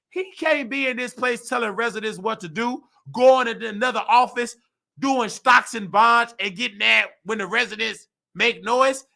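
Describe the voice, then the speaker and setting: Gravelly high-voiced man ranting hotly. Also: pushed and bright. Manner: heated, preachy, slangy ranting; mimics other people's voices in quotes. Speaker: host; nursing assistant. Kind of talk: ranting vlog monologue.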